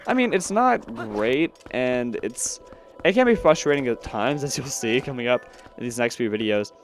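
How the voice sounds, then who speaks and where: A man narrates his gameplay after the fact, rambling and self-deprecating with frequent fillers. His pitch moves up and down in a lively way. Faint game music plays beneath his voice. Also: normal speed. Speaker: let's play commentator. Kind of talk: post-recorded gameplay commentary.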